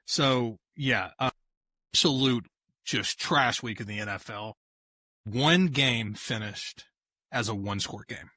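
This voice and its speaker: Playful male sports co-host, bright forceful tone, dry close mic. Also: mid-range voice, slow, no echo. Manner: joking, tries silly voice impressions. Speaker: podcast co-host. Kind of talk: casual sports chat.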